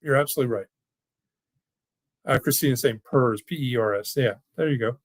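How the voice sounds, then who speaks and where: A man's voice: medium pitch, a little fast, no echo. A man who owns a financial firm, hosting a webinar with live questions in an enthusiastic, rambling, folksy way. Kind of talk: casual webinar talk with live Q&A. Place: home or office, online workshop.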